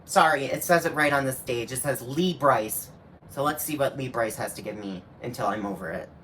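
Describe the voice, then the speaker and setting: A man's voice: mid-range voice, moderate pace, background noise. A man hosting a reaction video, giving sassy, snarky commentary full of slang and asides. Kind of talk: casual sarcastic commentary.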